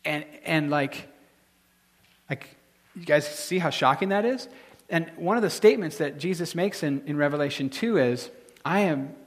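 A married man preaching a sermon in a casual, conversational way, with frequent restarts and filler words. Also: a little high. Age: adult, married. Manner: conversational, halting with many restarts. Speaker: pastor.

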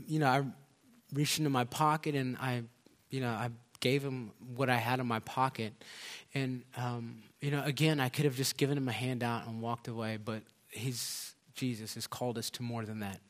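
Fervent man preaching a story sermon. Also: mid-range voice. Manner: conversational with fillers, building to loud fervent exclamations.

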